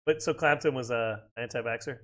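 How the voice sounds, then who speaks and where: Here a US man talks a little fast in a medium-pitched, fairly bright voice. It's casual gaming chatter, profane and rambling, broken up by reactions to what he's playing.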